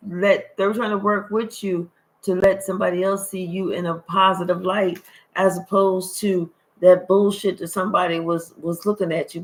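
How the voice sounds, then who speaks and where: A woman giving an intuitive spiritual reading to her viewers, talking emphatically and repetitively, swearing freely and rising into high, exasperated outbursts. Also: low-quality recording. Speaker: spiritual card reader.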